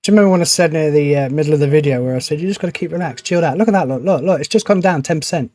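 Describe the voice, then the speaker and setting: A man's voice: fairly high pitch, racing, a little mellow. A man commenting on his own gameplay in a chatty, grumbling way, swearing now and then when frustrated. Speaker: gaming channel host. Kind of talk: let's play commentary.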